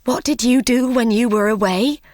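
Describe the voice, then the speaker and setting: A woman's voice: on the high side, moderate pace, a little mellow, dry recording, studio quality, close to an everyday voice. A woman voicing an indignant mother questioning her son in a storybook reading. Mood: curious. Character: angry, scolding mother of grown sons.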